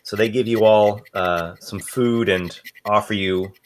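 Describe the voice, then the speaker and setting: Low-voiced man running a tabletop game. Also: steady tone, slight background noise. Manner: halting, many fillers and restarts. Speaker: game master.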